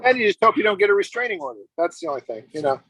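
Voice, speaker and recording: A man's voice: high-pitched, sing-song, rapid-fire, bright, forceful tone, slightly rough, dry recording, poor audio. An older grandfather chatting casually, giving fatherly advice. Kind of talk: casual chat.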